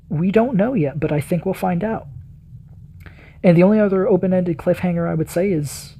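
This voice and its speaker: A man's voice: sits high, dark tone, husky. A man hosting a reaction video, giving enthusiastic, rambling commentary full of fillers.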